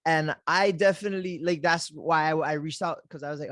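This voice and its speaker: High-pitched guy hosting a podcast, loose and chatty, lots of "like", dry close mic. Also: steady tone, a little fast, hardly any pauses, fairly bright tone, no room sound. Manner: easygoing, chatty, laughs a lot, many "like" fillers. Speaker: podcast host. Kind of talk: casual interview chat.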